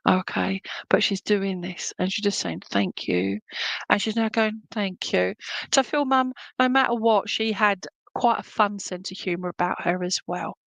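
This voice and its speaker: A woman's voice: mid-range voice, moderate pace, creaky, hardly any pauses, fairly bright tone, no room sound, low-quality recording. A middle-aged woman serving as a spiritualist medium, giving rambling, affectionate clairvoyant readings at an online church service, with many fillers and restarts.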